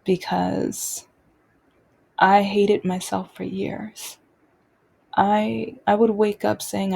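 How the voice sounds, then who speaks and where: Woman talking off the cuff on her own show, raspy voice, pretty flat, keeps restarting sentences. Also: medium pitch. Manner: halting, with frequent restarts. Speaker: podcast host sharing personal stories. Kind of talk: unscripted personal monologue.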